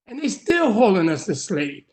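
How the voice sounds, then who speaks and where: A man's voice: high-pitched, sing-song, moderate pace, a little mellow. A man in his sixties giving emotional public testimony over a remote call, his voice rising into urgent pleading.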